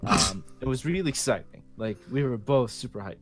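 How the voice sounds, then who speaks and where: A man's voice: mid-range voice, expressive, a little fast, over loud music. A man co-hosting a podcast in easygoing casual chat, steering the conversation. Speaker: podcast co-host.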